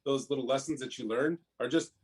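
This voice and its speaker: A man's voice: mid-range voice, fairly quick, husky. A man as a guest in a casual chat, swearing casually and explaining things through comparisons.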